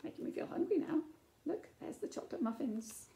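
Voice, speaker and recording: A woman's voice: high voice, expressive, fairly quick, creaky, warm tone, slight background noise. A woman reading a picture book aloud to children, adding chatty asides and playful whispered remarks. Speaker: storytime reader.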